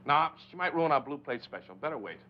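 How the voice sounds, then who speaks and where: A man's voice: fairly high pitch, expressive, fast talker, slight background noise, close to an everyday voice. An actor playing a breezy, teasing song-and-dance man who laughs often, in 1940s film acting. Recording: dull old film soundtrack.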